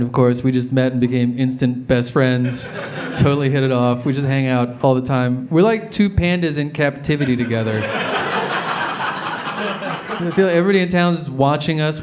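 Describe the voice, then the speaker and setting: A man doing a stand-up comedy set in a deadpan storytelling manner that bursts into loud shouts now and then. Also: medium pitch, fairly quick. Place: comedy club stage before a live audience. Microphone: handheld stage mic. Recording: live club recording with crowd laughter. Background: audience laughter.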